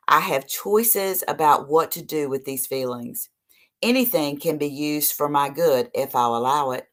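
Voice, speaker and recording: Low-voiced woman giving a motivational recovery talk. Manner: earnest, preachy, animated with sudden soft drops. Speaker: recovery speaker.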